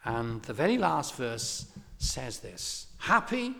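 A man preaching a sermon, telling a story with lively emphasis and pressing his hearers with questions. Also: medium pitch, a little slow. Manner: animated storytelling preacher, rising to impassioned exhortation. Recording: long hall reverb.

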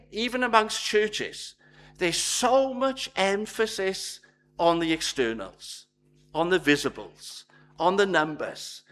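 A man's voice: high-pitched, pushed and bright. A man preaching a sermon, emphatic, building his points in repeated lists.

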